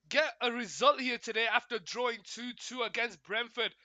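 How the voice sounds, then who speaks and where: A man hosting a live football watchalong, giving chatty play-by-play commentary in a slightly croaky voice from a cold, often greeting viewers and correcting himself. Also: very high-pitched, fairly even intonation, quick pace, few pauses, sharp tone, no echo, highs cut off.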